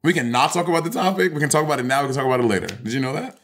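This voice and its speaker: A man's voice: mid-range voice, lively intonation, racing, fairly bright tone. A man co-hosting a podcast in casual chat, blunt and swearing, trying to move the talk along. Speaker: podcast co-host.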